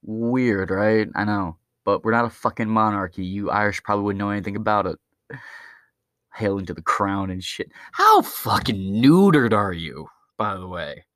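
A man's voice: on the low side, moderate pace, fairly bright tone, dry recording, studio quality. A man hosting his own podcast, delivering a crude, profane, rambling stand-up style rant. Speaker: podcast host.

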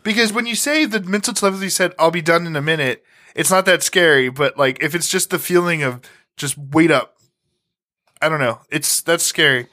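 A man's voice: fairly high pitch, normal speed, pushed and bright. A man co-hosting a casual podcast, retelling an alien encounter story with swearing and laughter. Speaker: podcast co-host.

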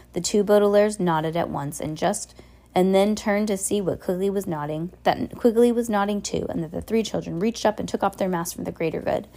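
A woman's voice: lowish voice, warm tone. A woman reading a novel aloud chapter by chapter, stumbling and restarting now and then. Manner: reads with slips and restarts. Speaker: audiobook reader.

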